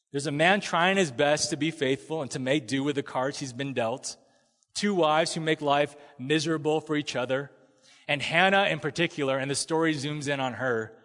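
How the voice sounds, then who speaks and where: A man preaching a sermon in a conversational, animated way, sometimes acting out the people in the story. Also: medium pitch. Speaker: pastor. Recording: long hall reverb.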